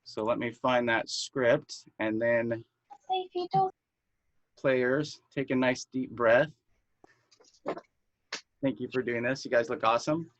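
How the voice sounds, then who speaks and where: Slow relaxed host on a video call. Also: male voice, medium pitch, no echo. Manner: relaxed, unhurried, hesitant with fillers. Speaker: host and prompter of an online play reading. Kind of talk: casual introductions. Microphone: video call microphone. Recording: dull lo-fi video call audio.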